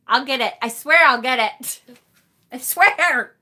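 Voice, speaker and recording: A woman with a high, bright voice chats casually through a tarot livestream. She is self-deprecating, laughs easily and lets a swear word slip now and then. Her tone is loose and friendly, as if talking straight to viewers. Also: expressive, takes it slowly. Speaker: tarot reader hosting a livestream. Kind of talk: casual livestream chat, reading viewer comments.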